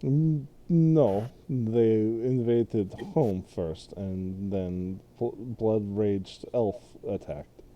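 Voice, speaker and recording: A man voicing a gruff, blunt male dwarf warrior with a put-on Russian accent and clipped, broken phrasing. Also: on the low side, dark tone, slight background noise.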